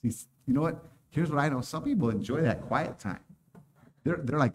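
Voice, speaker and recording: A man's voice: on the high side, animated, normal speed, slight background noise. A man preaching a casual sermon, joking and laughing often as he talks.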